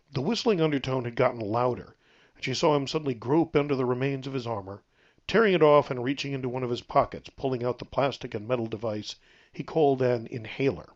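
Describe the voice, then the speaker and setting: A man narrating his own novel aloud in a steady, even storytelling read. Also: mid-range voice, lo-fi sound.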